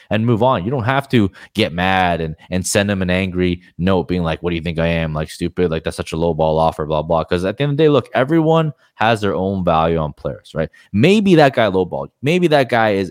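A man's voice: low-pitched, dry recording, clean studio sound. A man talking as a guest on a podcast, frank and rambling, swearing casually as he explains his points.

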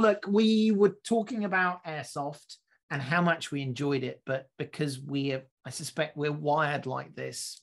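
A man co-hosting a casual podcast, his voice gravelly with a husky edge. He tells stories with energy and often repeats and restarts his words mid-thought. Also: a little high. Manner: animated storyteller, restarts and repeats words while thinking. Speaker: podcast co-host.

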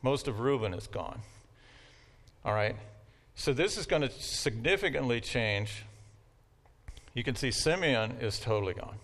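A man with a Southern American accent giving a relaxed, conversational university lecture and often checking in with his students. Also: medium pitch, unhurried, pauses often. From Southern United States. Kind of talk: classroom lecture.

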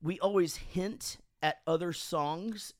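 A man casually telling animated stories on a podcast, swearing freely and acting out quotes, sounding a bit drunk. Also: high-pitched, slow, dry recording, studio quality. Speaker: podcast host and band frontman. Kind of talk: casual storytelling chat.

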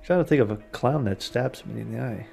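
A man's voice: mid-range voice, a little fast, creaky, darkish tone, soft background music. A man co-hosting a casual movie podcast, joking and swearing as he guesses. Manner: swears and jokes, quotes film lines. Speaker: podcast co-host. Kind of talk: casual chat.

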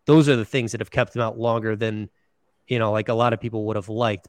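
A man's voice: fairly low pitch, steady tone, quick pace, no echo. A man, a sports beat writer, answering questions in a casual podcast interview, often hedging with "you know, like".

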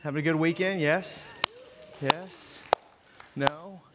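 A man, the senior pastor, preaches with a folksy, chatty delivery, often circling back and restarting his sentences. His voice sits a little higher than most men's. The sanctuary adds a long, lingering reverb. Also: slow, noisy background. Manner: folksy and conversational, with restarts and asides. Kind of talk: sermon. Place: church sanctuary with live congregation.

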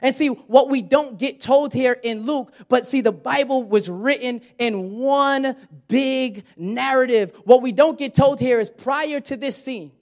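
High-voiced man preaching a sermon. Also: unhurried, a little mellow. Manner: conversational preaching, acts out quoted lines. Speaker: pastor.

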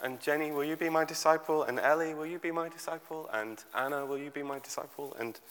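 A man's voice: on the high side, quick pace, a bit bright. A man giving an informal, chatty sermon with props, digressing into humorous stories for the congregation. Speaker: preacher. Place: church hall with audience. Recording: echoey hall.

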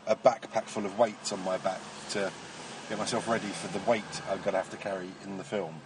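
An English man co-hosting a casual podcast from inside a car, talking in a dry, deadpan, joking way. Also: fairly low pitch, fairly quick. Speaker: podcast co-host. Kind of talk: casual chat. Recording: distant mic with faint background noise.

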